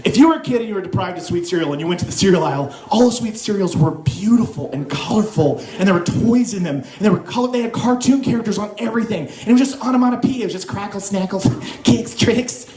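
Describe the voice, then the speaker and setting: A young man from Oklahoma doing an animated stand-up set, dropping in mock accents and silly voices. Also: sits high, fast talker, hardly any pauses. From Oklahoma, USA. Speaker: stand-up comedian. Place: comedy club stage with live audience. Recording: echoey club room with crowd laughter. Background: audience laughing.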